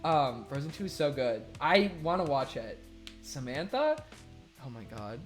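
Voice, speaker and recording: A young man talks casually on a live stream, reading chat messages aloud in a middle-pitched voice. He laughs often, swears freely, and swings from loud bursts to low mumbles. Faint music plays quietly behind him. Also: big pitch swings, unhurried.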